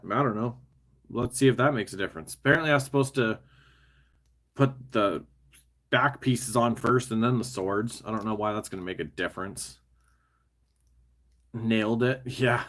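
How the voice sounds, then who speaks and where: Slow, easygoing man chatting while building. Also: mid-range voice. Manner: chatty, self-mocking, often laughing to himself; mutters and talks to the pieces while fiddling. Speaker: vlogger building a toy brick set. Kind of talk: casual rambling chat while building.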